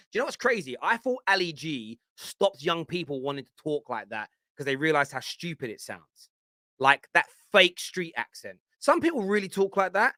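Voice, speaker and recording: A man in his forties with a London accent, hosting a football fan show with animated, blunt banter. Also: on the high side, no echo, clean studio sound. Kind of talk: live chat show rant.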